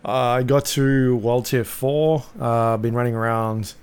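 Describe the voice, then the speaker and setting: Smooth-voiced podcast host. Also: male voice, mid-range voice, a little slow. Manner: relaxed, hesitant with fillers. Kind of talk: casual chat.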